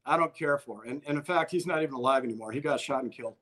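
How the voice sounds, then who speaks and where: A man's voice: mid-range voice, racing, pushed and bright. A man telling a personal story in a casual conversation, in a blunt, profane way, often acting out what people said. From Albuquerque, New Mexico. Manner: profane, blunt, acts out quoted exchanges.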